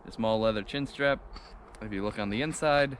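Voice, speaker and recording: A man's voice: lowish voice, normal speed, a little hiss or hum. A man hosting a casual vlog, chatting loosely to camera from an outdoor trench. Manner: chatty, loose show-and-tell. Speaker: vlog host, reenactor.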